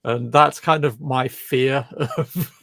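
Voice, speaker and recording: A man's voice: mid-range voice, very slow, creaky, fairly bright tone, a little hiss or hum. A man hosting a casual livestream chat, rambling and self-deprecating. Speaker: livestream host.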